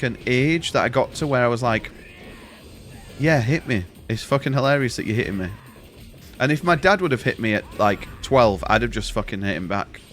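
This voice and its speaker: Young dude streaming, swears a lot, rambles through stories, mid-pitched voice. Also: male voice, a bit bright, a little hiss or hum. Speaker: gaming streamer. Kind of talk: casual chat while streaming.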